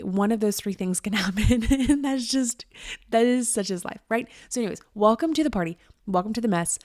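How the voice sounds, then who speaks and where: A woman's voice: medium pitch, darkish tone, no echo, studio quality. A woman in her thirties hosting her podcast, talking candidly in a chatty, emphatic way and laughing often. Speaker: podcast host. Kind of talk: candid casual monologue.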